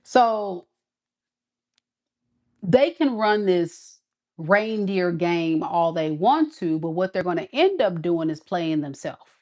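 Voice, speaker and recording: Sassy woman tarot reader, slow, emphatic, direct to camera. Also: lowish voice, expressive, darkish tone. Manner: sassy, emphatic, talks straight to viewer. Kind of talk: casual tarot reading.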